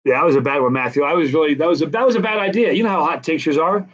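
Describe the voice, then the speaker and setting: Hosting a hot pepper channel's laid-back live-stream Q&A, a middle-aged man from the US East Coast speaks rapid-fire in a slightly high voice. He drifts easily between answers and viewer shout-outs, and the sound is dull and lo-fi.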